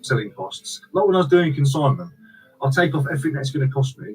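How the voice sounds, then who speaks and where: A man's voice: mid-range voice, very animated, fast talker, soft background music, low-quality recording. A man chatting casually on a live stream, repeating himself and thanking viewers. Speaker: online reseller and streamer.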